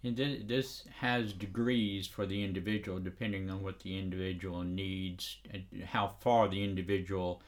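A man's voice: low-pitched, flat delivery, moderate pace, hardly any pauses. A man hosting, adding brief affirming remarks and references in conversation. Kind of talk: conversational interjections.

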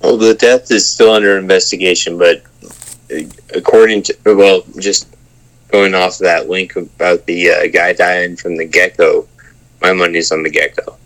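Chill guy on a podcast, lowish voice, dry and swears a bit. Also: little pitch movement, normal speed, a bit bright, low-quality recording. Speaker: podcast co-host. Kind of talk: casual chat.

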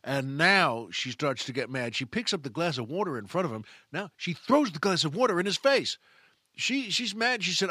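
Man, comedy host, folksy, repetitive, slightly high voice, dry close sound. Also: lively intonation, moderate pace, sharp tone, husky, dry recording. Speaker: podcast host and stand-up comic. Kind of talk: comedic monologue.

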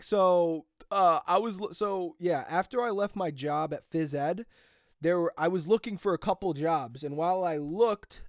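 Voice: mid-range voice, no echo, clean studio sound. Rambling, laughing young American storyteller. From United States. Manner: rambling, laughs often, drifts off topic. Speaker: vlogger. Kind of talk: casual storytelling monologue.

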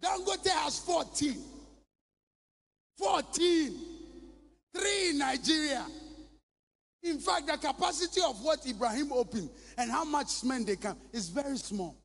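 High, gravelly Ghanaian preacher. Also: male voice, lively intonation, unhurried, pauses often, faint music behind. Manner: impassioned, preaching with shouted bursts. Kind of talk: sermon. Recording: long reverb in a large hall.

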